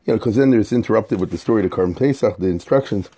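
Mellow-voiced man teaching scripture informally. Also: fairly low pitch, racing, husky. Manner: conversational, explains Hebrew verses in plain English, repeats words when restarting. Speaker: Torah teacher.

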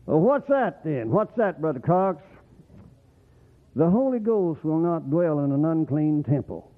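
A man preaching a folksy, rambling sermon as the pastor, getting excited and whooping at times. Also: on the high side, a little slow. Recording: tinny phone-like radio broadcast.

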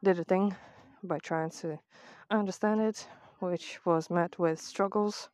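A woman with a British accent talks on a walk outdoors, ranting with plenty of swearing and sarcasm. Her voice sits a little low. It is a casual voice memo on a phone, dry and close. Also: fairly even intonation, measured pace, darkish tone, no room sound. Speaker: vlogger. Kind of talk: casual voice-memo chat while walking.

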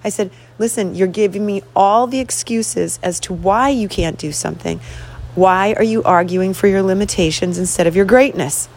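A woman's voice: mid-range voice, normal speed, a little mellow. A middle-aged woman, a host and coach, telling a story in an earnest, motivational way and acting out both sides of a conversation. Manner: earnest, motivational, retells dialogue. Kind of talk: storytelling monologue.

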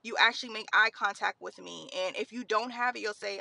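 Recorded in a car with no echo, a young woman podcast host tells a heartfelt personal story while tearful, rambling casually with frequent fillers. Her mid-range voice is steady in tone, fairly quick with few pauses, pushed and bright, with vocal fry.

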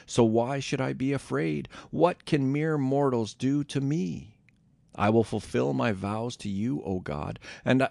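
A man giving a steady, measured scripted scripture reading. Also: mid-range voice, creaky, dry recording. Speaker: scripture reader.

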